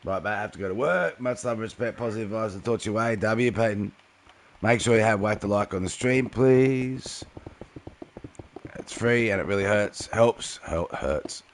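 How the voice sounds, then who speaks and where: A young man with a lowish voice streams a game at a moderate pace. He chats casually and answers viewers' messages, addressing each by name.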